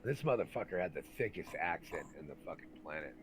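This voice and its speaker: A man's voice: sits low, very animated, fast, noisy background. A man from California telling rowdy army stories in casual, profane chat. He acts out the people in his stories and talks with plenty of fillers. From Santa Rosa, California, USA. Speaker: storyteller recalling army days.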